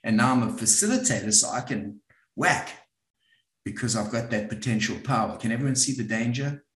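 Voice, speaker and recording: A man with a South African accent, giving a reflective, earnest talk to a live audience, often pausing and restarting his sentences. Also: mid-range voice, fairly bright tone, reverberant. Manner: earnest, with frequent restarts and pauses. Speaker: speaker at a community event.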